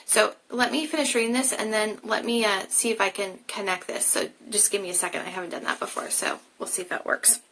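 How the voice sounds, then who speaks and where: Bright-voiced woman teaching Bible study. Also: medium pitch, a little fast, few pauses, poor audio. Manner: explains casually, then reads passages aloud with restarts. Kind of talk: live-streamed Bible study.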